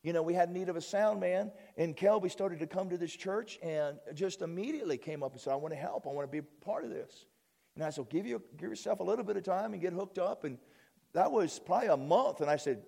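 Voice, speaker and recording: A man pastoring his church, preaching a sermon with folksy asides and sudden rises in pitch and volume. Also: fast, creaky, dark tone.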